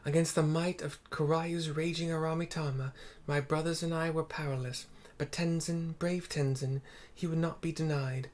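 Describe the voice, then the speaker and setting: A man's voice: on the high side, fairly even intonation, pitched above the performer's own voice, lightly acted. A man voicing an ancient female phoenix spirit, speaking solemnly about a lost love. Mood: grieving. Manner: solemn, measured storytelling.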